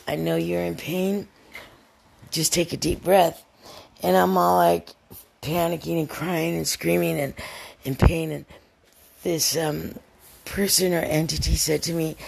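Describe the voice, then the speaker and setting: A woman's voice: fairly low pitch, gravelly, a little hiss or hum. A tipsy woman podcaster rambling candidly through a casual personal monologue and swearing freely.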